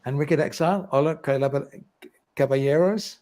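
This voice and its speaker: Hosting a livestream, a middle-aged man talks casually at normal speed, his voice a little high and a little mellow. He reads out comments from viewers and frequently laughs.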